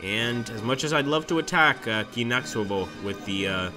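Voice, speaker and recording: A man's voice: mid-range voice, normal speed, music in the background. A man streaming a strategy game, commenting casually on each move and reading viewers' chat aloud. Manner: chatty, reacts excitedly to the game and reads chat aloud. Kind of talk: live gameplay commentary.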